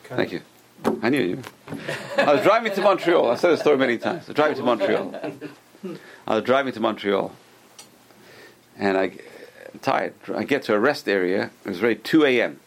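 A man's voice: medium pitch, lively intonation, a little fast, vocal fry, pauses often, a crowd in the background. A man teaching a religious class to a group, telling stories with restarts and acted-out quotes. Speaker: Torah teacher.

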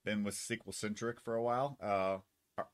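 A man co-hosting a casual livestream chat, talking in halting, rambling bits. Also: lowish voice, steady tone. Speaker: co-host.

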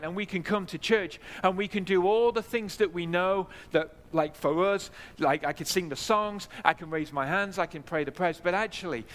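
A man's voice: a little high, a bit bright. A man preaching a sermon in a church, earnest, repeating key phrases for emphasis. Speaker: pastor. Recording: long hall reverb.

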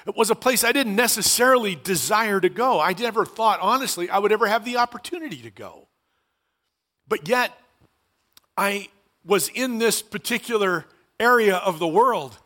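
A man preaching a sermon as pastor, earnest and conversational with animated asides. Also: high-pitched.

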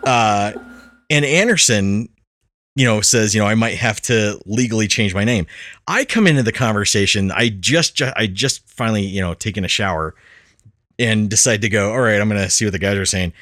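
A man's voice: fairly low pitch, normal speed, fairly bright tone, dry recording, studio quality. A man hosting a podcast, telling a story in casual chat, laughing often and swearing freely. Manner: profane. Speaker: podcast host.

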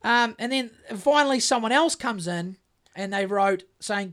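A man's voice: high-pitched, expressive, measured pace, fairly bright tone. A man with a New Zealand accent co-hosting a podcast in casual chat, rambling and swearing, with many restarts. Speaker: podcast co-host.

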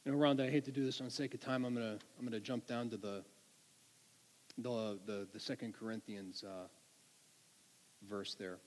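A man's voice: mid-range voice, steady tone, normal speed, long pauses, a little mellow, long reverb tail. A man preaching a sermon in an earnest, conversational way, often restarting his sentences.

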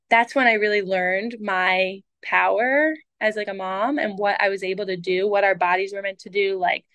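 Woman guest, casual storytelling, lots of fillers, mid pitch, dry sound. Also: a bit bright, dry recording. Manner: chatty, full of "like" and "um", acts out quoted dialogue. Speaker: guest, medical doctor. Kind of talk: casual storytelling in a podcast interview.

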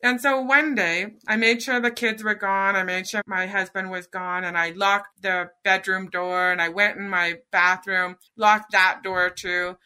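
A woman's voice: mid-range voice, fairly even intonation, measured pace, hardly any pauses, pushed and bright, clear, resonant tone. A middle-aged woman, a podcast guest, telling a personal story in an earnest, emotional way.

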